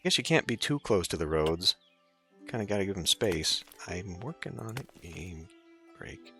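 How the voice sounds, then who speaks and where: A man narrates his gameplay in a relaxed, chatty way, thinking aloud with lively swings in pitch. Soft game music hums faintly behind him. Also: moderate pace. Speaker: let's play host. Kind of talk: casual gameplay commentary.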